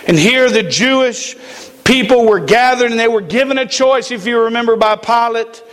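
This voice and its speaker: A man preaching a sermon in a church, slow and emphatic with dramatic pauses. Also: very high-pitched, a bit bright, big-room sound. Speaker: pastor.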